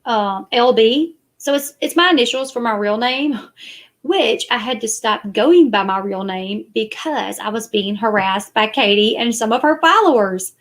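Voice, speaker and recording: A woman's voice: fairly high pitch, animated, a little slow. A woman, chatting casually and defensively to her live stream viewers. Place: parked car at night.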